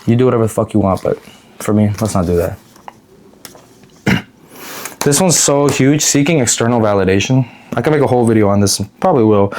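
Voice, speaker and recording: A man's voice: lowish voice, a little mellow. A man giving casual advice in a blunt, profane monologue that rambles and restarts. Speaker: advice vlogger.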